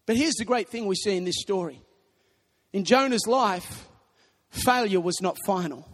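A young man preaching a sermon, telling stories animatedly and breaking into shouts. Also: sits high, moderate pace. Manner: animated storytelling, bursts into shouting. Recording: long reverb of a large hall.

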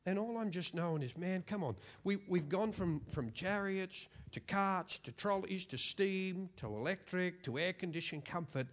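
A man in his fifties with an Australian accent preaching a sermon in a church, lively and joking, often repeating words for emphasis. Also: sits high, normal speed, few pauses. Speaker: pastor.

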